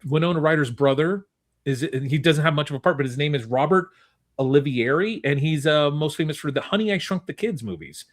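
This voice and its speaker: A man's voice: fairly high pitch, brisk. Rambling man hosting a movie trivia chat. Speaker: podcast host running a movie trivia game. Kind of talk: casual chat.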